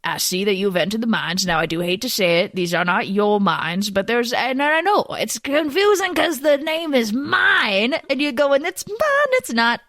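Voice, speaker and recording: A woman's voice: on the high side, expressive, normal speed, few pauses, fairly bright tone, no room sound, clean studio sound, pitched above the performer's own voice. A woman voicing a folksy, friendly short man who talks in a chatty, eager way.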